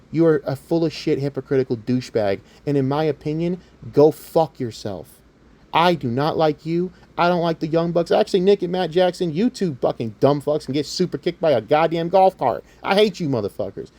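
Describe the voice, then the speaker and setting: A man's voice: fairly high pitch, dark tone. Man in a profane, heated rant. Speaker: commentary channel host. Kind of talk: angry rant to camera.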